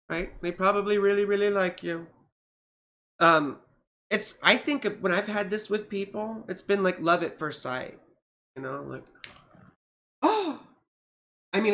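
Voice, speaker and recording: Woman astrologer, casual livestream chat, bright tone, rambling, lots of fillers, grumbly asides. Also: lowish voice, slight background noise. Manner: grumbles and swears at her software. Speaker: astrologer reading charts on a livestream.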